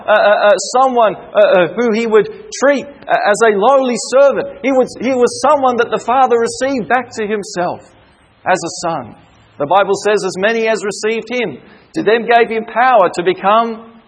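A man delivers a sermon in a high, husky voice. He preaches earnestly, stressing key words and building through repetition. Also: poor audio.

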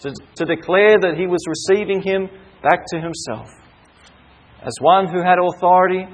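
A man delivers a sermon in a high, husky voice. He preaches earnestly, stressing key words and building through repetition. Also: moderate pace, rough recording.

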